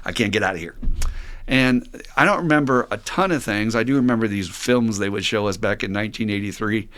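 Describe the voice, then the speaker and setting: An older man who co-hosts a podcast and is in recovery tells stories in a casual, animated way, laughing often. His voice sits on the low side, a little fast and a bit bright.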